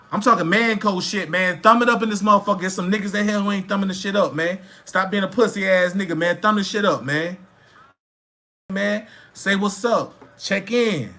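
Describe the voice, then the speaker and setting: A livestream host with a high, bright, forceful voice rants at his viewers. He lectures them bluntly and profanely, repeating phrases to hammer his points home.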